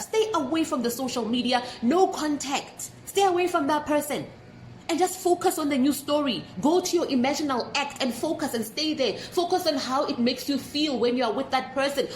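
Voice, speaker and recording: A woman giving an unscripted, passionate motivational talk to camera as a manifestation vlogger and mentor, emphatic and close to yelling. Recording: echoey room with faint rumble.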